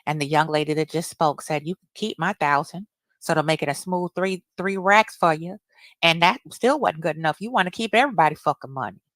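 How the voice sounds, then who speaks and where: Low-voiced indignant woman ranting. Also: brisk, fairly bright tone, no echo. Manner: blunt, indignant, repeats herself. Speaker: commentary streamer. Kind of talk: reaction rant.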